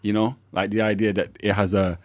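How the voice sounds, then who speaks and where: A man hosting a casual interview, relaxed and easygoing, filling his talk with "like" and short "yeah" replies. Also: fairly low pitch, fairly quick, no room sound. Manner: relaxed, lots of "like" and "yeah" backchannels. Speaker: podcast host.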